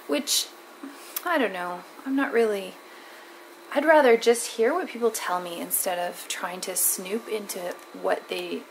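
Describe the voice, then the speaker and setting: A woman's voice: on the high side, gravelly, a little hiss or hum, rough recording. A woman recapping a tabletop game in character, hesitant and rambling with many fillers.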